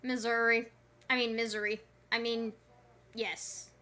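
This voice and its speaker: A woman's voice: fairly high pitch, level tone, unhurried, pushed and bright, slight background noise. A woman streaming a puzzle game, chatting casually with playful, rambling asides. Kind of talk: casual gameplay commentary.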